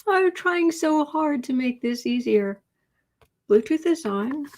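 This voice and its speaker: Casual live-stream host: a woman with a slightly high voice, friendly and rambling, muttering whispered asides. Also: expressive, takes it slowly, a little mellow, a little hiss or hum. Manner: rambling, talks to herself, drops into whispered asides; friendly, greets viewers by name. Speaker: livestream tarot reader.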